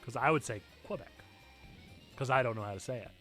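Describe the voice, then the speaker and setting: A young man streaming a video game live, commenting as he plays and breaking into excited shouts. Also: mid-range voice, brisk, soft background music.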